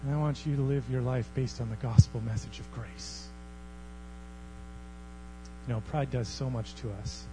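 A man preaching a sermon as pastor, swinging from hushed, almost whispered passages to loud, thundering ones. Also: medium pitch, fairly even intonation, normal speed, pauses often, over music, poor audio. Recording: faint mains hum.

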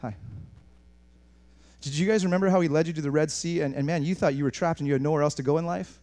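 A man preaching a sermon in an animated way, moving between quiet asides and raised, emphatic passages, with frequent restarts. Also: a little high, rapid-fire. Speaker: pastor.

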